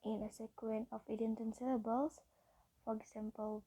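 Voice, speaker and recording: A woman with an Indonesian accent reads a phonology text aloud haltingly, then explains it in her first language, Indonesian. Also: a little high, flat delivery, dark tone, husky, low-quality recording.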